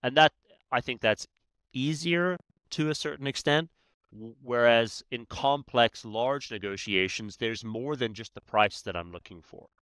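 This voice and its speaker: Bright-voiced man explaining with emphasis. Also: medium pitch, unhurried, smooth, dry recording. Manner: emphatic, many "right?" tags. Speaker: negotiation expert guest. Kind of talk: conversational explaining.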